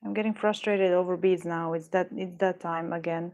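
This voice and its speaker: A woman livestreams herself doing beadwork, muttering, rambling in frustration, and cursing from time to time. Her voice is lowish and darkish in tone, with fairly even intonation at a normal speed.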